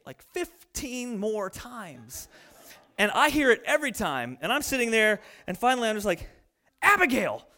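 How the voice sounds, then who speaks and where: A man in his thirties preaching a sermon, reading scripture and telling funny family stories with animated delivery. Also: extremely high pitch, clean tone. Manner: storytelling, humorous and animated. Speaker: pastor.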